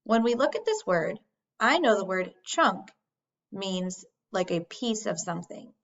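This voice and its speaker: Modeling sounds slowly and deliberately for young children, a female teacher gives a recorded phonics lesson. She has a medium pitch with big swings, and the sound is dull and lo-fi.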